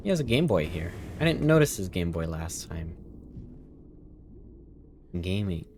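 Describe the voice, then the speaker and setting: Fields: deep-voiced man, game commentary. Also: sing-song, measured pace, darkish tone, a little hiss or hum. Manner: chatty, argues with the characters, reads dialogue aloud. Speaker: streamer playing a story game. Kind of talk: casual let's-play commentary.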